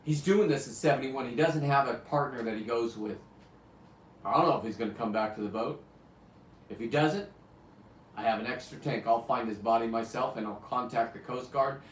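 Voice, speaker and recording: A man's voice: mid-range voice, moderate pace, slight background noise. Fifty-something guy rambling on his live stream, blunt and cussing, sounds roomy and a bit far from the mic. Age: 50s. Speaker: live show host. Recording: roomy, distant mic, faint ambience.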